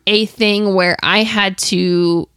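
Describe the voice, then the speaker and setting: A woman's voice: mid-range voice, fairly even intonation, slow, fairly bright tone, clean tone, no echo. Woman, podcast co-host, casual chat, rambling, dry sound. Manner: chatty, lots of "like" and restarts.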